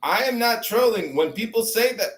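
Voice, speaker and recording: High-voiced mocking male troll. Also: lively intonation, moderate pace, a bit bright. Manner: mocking, sarcastic, condescending. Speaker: troll speaking in an audio chat room. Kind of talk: casual live audio-room chat.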